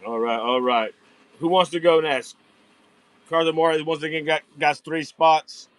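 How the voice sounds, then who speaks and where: A man hosts a late-night live sale from a warehouse, talking casually to his viewers and building up hype for each pull. His voice sits a bit high for a man. The sound is dry, with almost no room echo. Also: fairly even intonation, unhurried, a bit bright, smooth. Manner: chatty, hypes each pull, speaks straight to viewers. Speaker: host of a live online diecast car sale. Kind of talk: casual live-stream sales chat.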